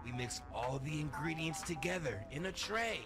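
A man voicing a deranged male TV cooking show host who gives absurd recipes in a slow, deadpan instructional manner. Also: on the high side, close to an everyday voice. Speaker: in-game cooking show character. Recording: game audio over loud music.

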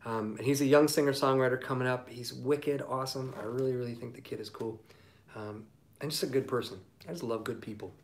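Relaxed man chatting on a livestream. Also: mid-range voice, brisk, a little hiss or hum. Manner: relaxed, rambling, with many ums and asides. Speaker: singer-songwriter hosting a livestream. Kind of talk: casual livestream chat reading comments. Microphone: phone mic.

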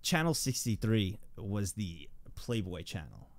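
A man telling a funny story in casual chat, animated and hesitant, acting out the scenes. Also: fairly low pitch, a little slow, no room sound.

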